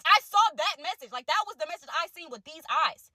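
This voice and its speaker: A young woman telling viewers a personal story in casual vlog talk, animated and direct, acting out what others said. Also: fairly quick, no room sound. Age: young adult. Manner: animated, talks straight to viewers, acts out quotes; wide swings in pitch and loudness. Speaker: storyteller vlogger.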